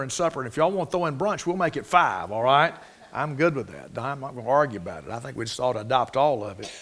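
A middle-aged preacher with a slightly high voice, telling homespun stories from the pulpit. His sermon is folksy and conversational, full of plain rural speech. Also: a bit bright.

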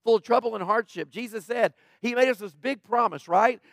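With a very high, creaky, fairly bright voice, the pastor talks a little fast through a conversational sermon. He stays emphatic and plainspoken, tagging points with "right?" to engage his listeners, in a dry, clean studio recording.

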